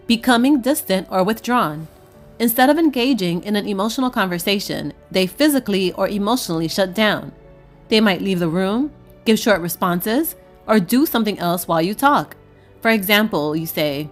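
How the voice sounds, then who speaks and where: A woman narrates relationship advice from a script at an ordinary mid pitch. Her delivery is measured and explanatory. Faint music plays softly behind her voice. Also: lively intonation. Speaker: relationship coach.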